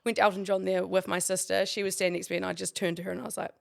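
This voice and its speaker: A young New Zealand woman co-hosts a podcast with a gravelly, fry-tinged voice. She talks loosely and chattily, laughing often and swearing casually. Her pitch sits in the middle. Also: level tone, racing. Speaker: podcast co-host. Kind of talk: casual chat.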